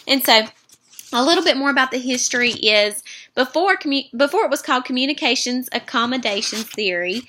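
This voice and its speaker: Bright young Southern woman explaining theory. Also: high voice. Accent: Southern US, North Carolina. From North Carolina. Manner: earnest, explanatory, checks in with "okay?". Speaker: student presenter. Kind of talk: class video presentation.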